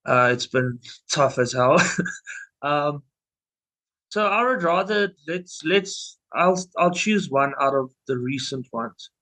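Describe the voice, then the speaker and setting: Here a young male band vocalist meanders through anecdotes in a casual interview, often restarting and using fillers. He talks slowly with lively intonation, his slightly high voice pushed and bright, and the audio is low quality.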